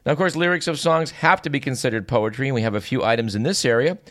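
A man's voice: mid-range voice, fast talker, a bit bright. Dry, wry male radio host. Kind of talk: scripted narration.

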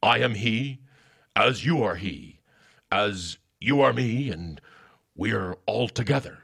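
A stiff older politician reads pop lyrics in a slow, stilted way, as a man puts him on. The voice is gravelly and husky. Each phrase lands with awkward care. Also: lowish voice, animated, a bit bright, exaggerated voice. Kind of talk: comedic lyric reading impression.

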